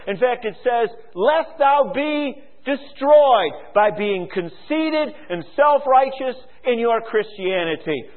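A man preaching a sermon as pastor, his voice pitched high and fervent as he fires questions at the congregation and reads scripture aloud. The sound is thin and phone-like, trailing off into a long hall echo.

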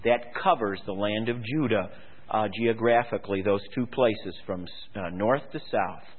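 Over a phone-like, lo-fi radio broadcast, a man preaches a sermon with emphatic delivery, reading scripture and urging listeners to repent. His voice has a breathy edge and a slightly slow pace, and it climbs high when he imitates complacent people.

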